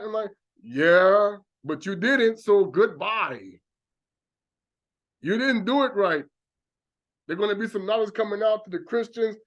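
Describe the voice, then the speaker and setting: A man's voice: high-pitched, animated, normal speed, fairly bright tone, highs cut off. A man giving an informal sermon as a religious teacher, acting out mocking voices of doubters.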